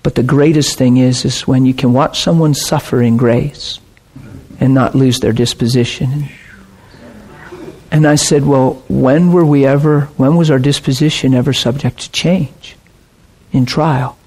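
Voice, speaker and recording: A man with a husky, slightly breathy voice delivers a sermon. He speaks with earnest intensity and brings a personal story to life by voicing both sides of the exchange. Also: mid-range voice, steady tone, a little slow, darkish tone. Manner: earnest, intense, retells quoted dialogue.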